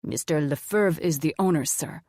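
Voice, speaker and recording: A woman's voice: deep voice, moderate pace, mellow, no room sound, studio quality, natural voice. A woman voicing a restaurant waiter who is formal and stiffly courteous in an audiobook.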